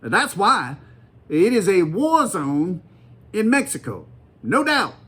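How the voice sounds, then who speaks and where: A man, hosting a faith talk show in a folksy, animated way, laughing often as he talks. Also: high voice, slow, husky. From United States. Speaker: podcast host. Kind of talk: casual faith commentary.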